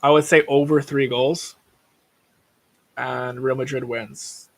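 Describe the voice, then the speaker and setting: A man's voice: mid-range voice, flat delivery, takes it slowly, creaky. A young man talks casually on his own livestream. He rambles and wanders off on tangents, swears easily, and keeps an everyday mid-range voice throughout. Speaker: livestream host.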